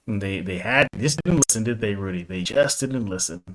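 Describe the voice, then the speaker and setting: A man co-hosting a podcast in casual chat, animated and repeating words as he talks. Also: on the low side, fairly quick. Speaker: podcast co-host.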